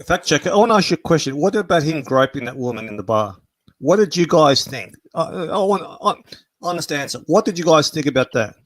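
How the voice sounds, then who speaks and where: A man's voice: a little high, lively intonation, brisk. A man hosting a livestream, blunt and mocking, swearing while he reads chat comments. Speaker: livestream host. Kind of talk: profane livestream banter.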